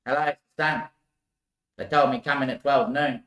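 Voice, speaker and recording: A man's voice: mid-range voice, steady tone, moderate pace, fairly bright tone, lightly acted. A man voicing a polite worker, echoey room. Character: worker asking his boss for leave.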